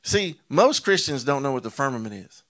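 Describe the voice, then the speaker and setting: A man preaching a sermon, drawing out key words slowly for emphasis and asking rhetorical questions, telling stories with animation. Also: mid-range voice, sing-song, fairly bright tone.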